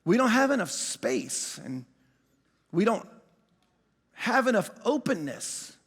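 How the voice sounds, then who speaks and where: A male pastor preaching in a church sanctuary, his voice pitched fairly high for a man. He talks in a loose, conversational way, often turning to ask the congregation questions directly. His voice rings with the long reverb of a large hall. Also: sing-song, slow, creaky, breathy edge. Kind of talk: sermon.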